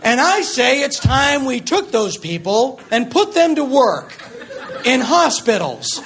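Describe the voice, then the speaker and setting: Man, stand-up comedian, very high voice, sardonic, live club recording, clear audience noise. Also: sing-song, slow, a crowd in the background. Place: comedy club stage before a laughing audience.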